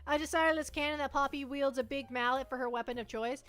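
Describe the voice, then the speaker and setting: Bright, high-voiced woman rambling playfully. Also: fairly even intonation, fast, few pauses, dry recording. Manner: rambling, playful, trips over her own restarts. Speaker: livestreamer. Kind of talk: casual livestream chat.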